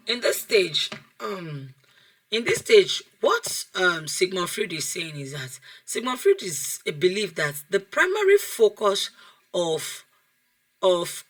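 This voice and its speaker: This lowish-voiced woman is a child development coach lecturing an online class by video call. She's animated, poses questions to the class, and repeats phrases to drive points home.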